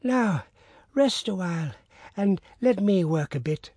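A man voicing a wise old male hermit who speaks gently and patiently in a storybook reading. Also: high voice, lively intonation, measured pace, slightly rough, no echo, studio quality, pitched above the performer's own voice, full character voice. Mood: calm.

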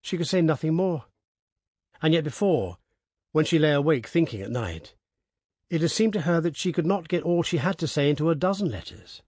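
A man narrating a story aloud in a measured, even manner. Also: fairly high pitch, breathy edge, no room sound, studio quality. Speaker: audiobook narrator. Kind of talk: scripted narration.

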